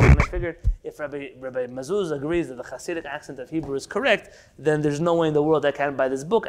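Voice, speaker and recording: A man with a fairly high voice teaches a Torah class. He lectures in a lively storytelling way and drops Hebrew terms into his English. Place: United States.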